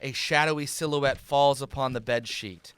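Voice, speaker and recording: A man hosting a comedy podcast, reading his own screenplay's stage directions in a deadpan way. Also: medium pitch, moderate pace, clear, resonant tone, dry recording.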